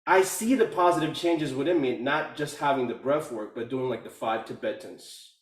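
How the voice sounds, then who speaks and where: A man giving a casual testimonial on a video call, talking haltingly with many fillers and restarts. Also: mid-range voice. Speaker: community call participant. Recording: echoey room, far from mic.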